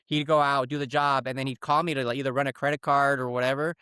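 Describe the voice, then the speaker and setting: A man's voice: medium pitch, little pitch movement, fast talker, pushed and bright, clean tone, no room sound, studio quality. A man co-hosting a podcast, telling a story in casual chat and acting out phone calls in put-on voices. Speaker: podcast co-host.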